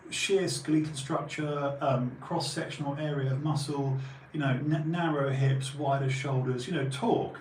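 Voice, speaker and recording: A man's voice: on the high side, a little mellow, recorded from a distance. A man in his late forties talks through an emphatic, rambling opinion piece in a casual monologue. He sits back from the microphone, so his voice carries a roomy echo. A faint background hum runs underneath. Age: 40s. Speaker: channel host.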